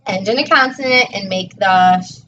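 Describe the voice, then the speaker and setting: A woman's voice: mid-range voice, moderate pace, fairly bright tone. A woman teacher tutoring a child one-on-one in a patient, encouraging way, praising each answer. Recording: distant dull mic with faint noise.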